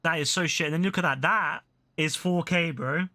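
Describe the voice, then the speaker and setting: A man's voice: fairly high pitch, normal speed, pushed and bright. A young man live-streaming a video game, talking casually with lots of swearing and mock-outraged banter.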